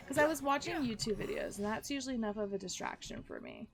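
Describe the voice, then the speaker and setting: A woman's voice: a little high, expressive, fast, vocal fry, hardly any pauses, music in the background. A young woman streaming a video game, chatting casually and talking to her pets between plays. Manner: chatty, talks to her pets in baby talk. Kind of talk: casual live-stream chat while gaming.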